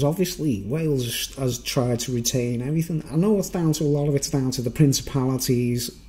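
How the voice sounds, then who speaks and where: A man talking in a rambling, hesitant monologue, often restarting and chuckling. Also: mid-range voice. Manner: animated, with chuckles. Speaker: vlogger.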